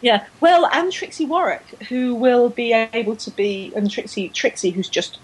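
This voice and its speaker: A woman's voice: on the high side, expressive, moderate pace, husky, poor audio. A woman co-hosting a casual podcast chat, enthusiastic and full of fillers and restarts. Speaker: podcast co-host. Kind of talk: casual chat about women's cycling.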